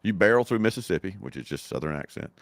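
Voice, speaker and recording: A man's voice: low-pitched, expressive, quick pace, gravelly, no echo. A man talking in a casual podcast chat, enthusiastic, often repeating himself and filling with "like" and "you know". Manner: enthusiastic, repeats words, many likes and you knows.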